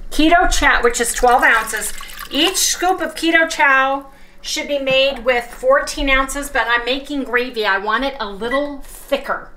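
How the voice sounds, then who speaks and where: A woman leads a casual cooking demonstration at home, talking straight to her viewers and gushing about how excited she is. Her voice is bright and sits a little high, and she takes her time with each phrase. Pots and cutlery clink faintly in the background. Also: unhurried, slight background noise. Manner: chatty, talks straight to viewers as "you guys"; enthusiastic, keeps saying she is excited. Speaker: home cook and channel host. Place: home kitchen.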